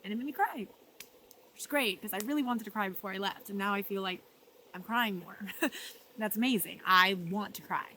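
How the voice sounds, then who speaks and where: A woman talking earnestly in a personal vlog, emotional and reflective, often dropping softly and laughing between thoughts. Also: medium pitch, fairly quick, long pauses, slight background noise. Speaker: vlogger. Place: art residency.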